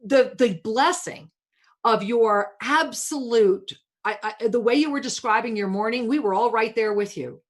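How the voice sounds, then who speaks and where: A woman's voice: fairly high pitch, measured pace. Affectionate woman spiritual radio host. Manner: soothing, affectionate, calls caller pet names. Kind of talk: spiritual talk radio coaching.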